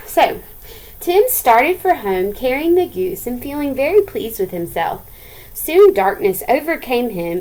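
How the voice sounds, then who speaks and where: A woman's voice: on the high side, a little mellow, poor audio. Woman teacher reading a story aloud. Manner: chatty, asks the listeners questions.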